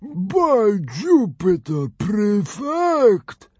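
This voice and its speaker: A man's voice: sits high, wildly swooping pitch, drawn-out words, darkish tone, breathy edge, dry recording, pitched above the performer's own voice, full character voice. A man voicing a greedy, fat male Roman consul who drawls and gurgles through mouthfuls of food. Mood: drawling.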